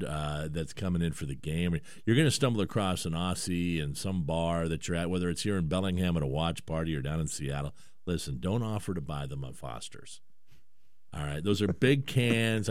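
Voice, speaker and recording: A man hosting a talk radio show, animated and rambling, often stammering and repeating words. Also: low voice, dry recording, studio quality. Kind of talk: casual talk radio banter.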